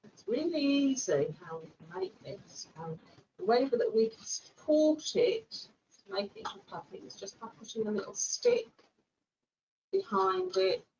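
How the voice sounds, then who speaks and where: A woman working in early years education, giving a gentle, animated craft demonstration. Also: on the high side, measured pace, dull audio, a little hiss or hum. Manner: gentle, animated, with playful voices. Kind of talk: instructional demonstration.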